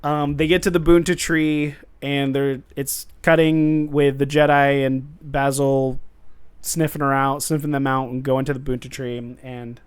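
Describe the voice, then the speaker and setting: A man's voice: medium pitch, unhurried, clear, resonant tone, no room sound. A man co-hosting a podcast, recapping a show in casual chat and acting out characters' lines with laughs. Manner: animated, acts out lines with laughs. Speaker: podcast co-host.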